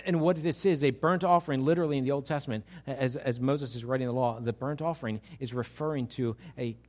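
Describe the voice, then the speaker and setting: A middle-aged man preaching a sermon as pastor, animated and full of rhetorical questions to his congregation. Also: medium pitch, fast.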